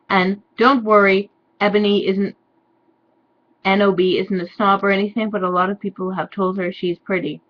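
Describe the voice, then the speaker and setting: Woman, sarcastic reader, deadpan asides, bright voice, slightly dull audio. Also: mid-range voice, normal speed. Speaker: reader and commentator. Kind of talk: sarcastic dramatic reading.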